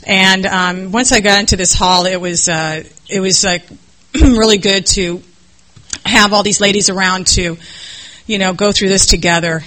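A middle-aged woman with a bright, sharp-edged voice tells her recovery story candidly. She acts out the people in her story and laughs through the hardest parts. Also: medium pitch, steady tone, unhurried, rough recording. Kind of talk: personal recovery testimony.

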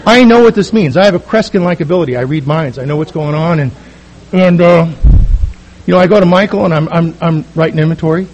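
A man's voice: a little high, steady tone, quick pace, a little mellow, low-quality recording. A middle-aged man telling a comic, self-mocking personal story to a recovery meeting.

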